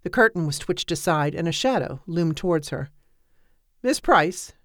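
Brief: woman audiobook narrator, low even read, dead-dry studio sound. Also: no echo. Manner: measured, even storytelling.

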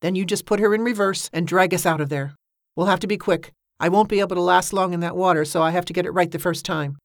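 A woman's voice: fairly low pitch, steady tone, fast talker, no room sound, lightly acted. Woman playing a young hothead, raised voice, urgent and defiant, dry sound. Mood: determined. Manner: shouting, pleading, impatient.

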